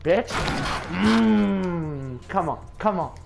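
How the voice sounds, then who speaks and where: A man's voice: high voice, lively intonation, extremely slow, creaky, noisy background. A man trash-talking and cursing at his opponent while commenting on his own gameplay. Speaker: gaming content creator.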